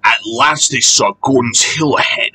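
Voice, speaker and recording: A man reading a children's storybook aloud, with expressive, lively narration. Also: medium pitch, unhurried, breathy edge, poor audio.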